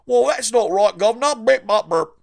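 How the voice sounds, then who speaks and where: A man doing a shrill Cockney toilet cleaner. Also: animated, moderate pace, vocal fry. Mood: indignant. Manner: shrill and indignant.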